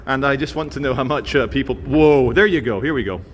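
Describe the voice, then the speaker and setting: A man's voice: mid-range voice, a little fast, a little hiss or hum. A man filming a walking vlog outdoors in a city, giving jokey, chatty tour-guide commentary. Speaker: vlogger.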